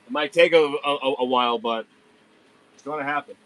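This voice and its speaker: A man's voice: mid-range voice, a little fast, fairly bright tone, low-quality recording. A man hosting a live online sale of diecast cars from a warehouse at night, chatting casually with viewers and hyping each pull. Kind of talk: casual live-stream sales chat.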